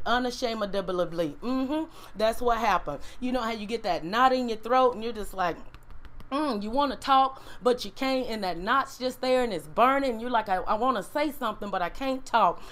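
A woman's voice: on the high side, a bit bright. A woman pastor leading a casual livestream Bible lesson, talking straight to her viewers in an emotional, conversational way, with frequent "y'all"s and hums.

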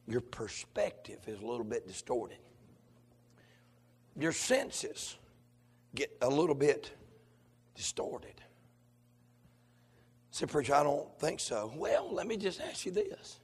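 A male pastor, preaching a sermon that swings from shouted, sung lines to low conversational talk. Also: slightly rough. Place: church sanctuary. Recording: long hall reverb.

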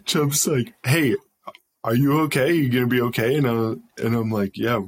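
Husky-voiced man telling a profane story. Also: medium pitch, steady tone, moderate pace. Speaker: podcast guest. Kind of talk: casual storytelling.

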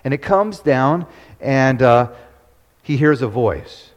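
A man's voice: mid-range voice, expressive, slow pace, lo-fi sound. A man leading an interactive Bible study, quizzing his listeners and repeating key points. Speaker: Bible teacher. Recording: long hall reverb.

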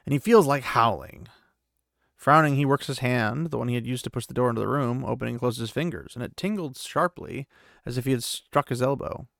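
A man's voice: medium pitch, brisk, gravelly, fairly bright tone, no room sound, clean studio sound. A man hosting a podcast, casually recapping a book chapter in loose, conversational paraphrase. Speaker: podcast host.

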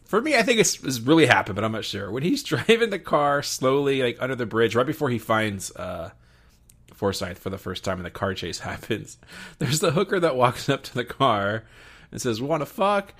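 A man's voice: medium pitch, sing-song, moderate pace, a bit bright, husky. A man co-hosting a podcast, giggling and hesitating as he chats about a movie. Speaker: podcast co-host. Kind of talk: casual movie-review chat.

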